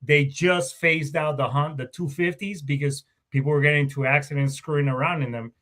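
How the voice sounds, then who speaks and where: A middle-aged Marine Corps veteran, a warrant officer, tells stories as a guest in a casual interview, rambling, swearing often and correcting himself mid-sentence. His voice is a little high and fairly bright, with a steady tone and a fairly quick pace.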